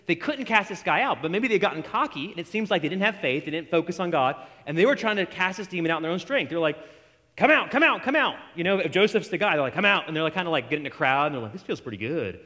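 A man preaching a sermon in an animated way, acting out quoted voices and often restarting his sentences. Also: a little high, long reverb tail.

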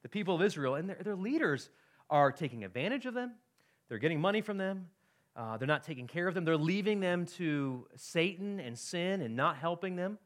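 Male pastor, sermon, conversational and animated, pitch swings a lot. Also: fairly quick. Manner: conversational, asks "right?" often, reads scripture aloud.

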